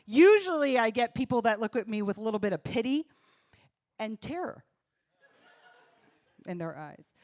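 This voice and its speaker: A woman's voice: fairly high pitch, very animated, a little slow, pauses often, no room sound. A woman from New doing stand-up comedy on a comedy club stage, punchy and self-deprecating, talking straight to the crowd. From New Jersey.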